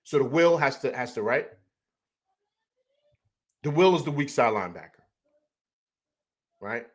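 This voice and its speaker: Heated, rambling sports host rant. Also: male voice, medium pitch, expressive, unhurried. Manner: heated, rambling, repeats words and restarts. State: upset after a loss. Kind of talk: emotional postgame sports rant.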